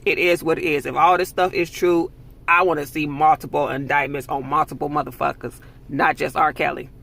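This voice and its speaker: Brief: heated man vlogger, raspy and gravelly, slightly high voice, cursing rant. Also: little pitch movement, fairly quick, sharp tone. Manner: angry, profane, emphatic ranting. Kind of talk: heated commentary monologue.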